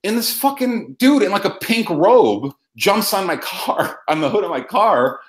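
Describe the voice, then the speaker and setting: A man's voice: high-pitched, sing-song, unhurried. A young adult man hosting a casual radio talk show, cursing freely and rambling through his stories. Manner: profane, rambling. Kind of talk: casual chat. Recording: echoey room.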